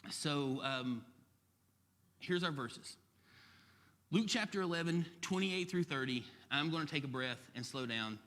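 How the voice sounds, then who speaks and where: Southern campus pastor, lively sermon delivery, talks fast, bright tone with long hall reverb. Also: male voice, high voice. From Alabama. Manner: fast, animated, quick to joke. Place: church hall.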